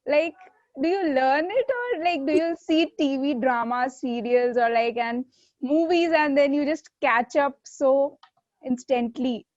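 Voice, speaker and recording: A woman's voice: high voice, a little slow, darkish tone, dry recording, lo-fi sound. A woman hosting a casual interview, eager and admiring, often laughing. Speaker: interview host.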